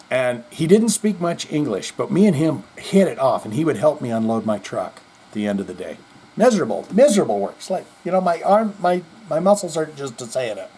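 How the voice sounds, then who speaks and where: A man's voice: medium pitch, darkish tone, breathy edge. A middle-aged man hosting a podcast, rambling in casual chat with self-deprecating jokes. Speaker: podcast host.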